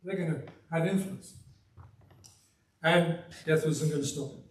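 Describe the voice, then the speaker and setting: Chuckling english preacher in a roomy hall. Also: male voice, fairly high pitch, a little slow. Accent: softened English West Midlands. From Black Country, West Midlands of England. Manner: folksy, emphatic, with chuckles and asides. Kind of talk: sermon. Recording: roomy, from some distance.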